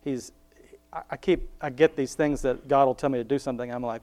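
A man's voice: medium pitch, steady tone, fairly quick, a little mellow. A young man giving a rambling, self-mocking devotional talk, laughing often and acting out quoted voices. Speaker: Christian speaker sharing a Bible reflection.

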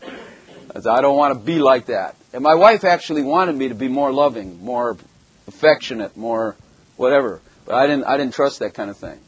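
A man's voice: mid-range voice, lively intonation, normal speed, slightly rough, no echo, low-quality recording. A German-born man preaching a sermon and telling his own story in a blunt, joking way, with rhetorical questions to the congregation. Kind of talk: sermon with personal testimony.

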